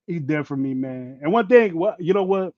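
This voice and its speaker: A man's voice: on the high side, expressive, normal speed, dry recording. A man in his fifties hosting a sports podcast, ranting bluntly with plenty of profanity and rambling restarts. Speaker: podcast host. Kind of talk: casual livestream rant. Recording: dull dry lo-fi mic.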